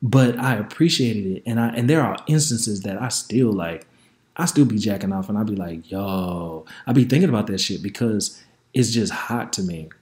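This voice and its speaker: Talking straight to his audience, this podcast host shares a frank story in a conversational manner. His voice is on the low side with a darkish tone, delivered at normal speed in a room with noticeable echo.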